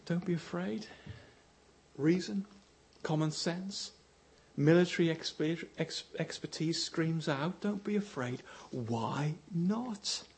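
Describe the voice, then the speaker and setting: In a slow, darkish voice, a man preaches a sermon and tells a story with animation. His voice climbs for quoted lines and drops low to hammer his points home.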